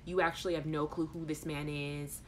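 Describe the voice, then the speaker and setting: A woman's voice: low voice, normal speed, slight background noise. A woman hosting a casual live chat show, reading out viewer comments in a playful, frank way. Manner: animated, playful and frank, with laughter.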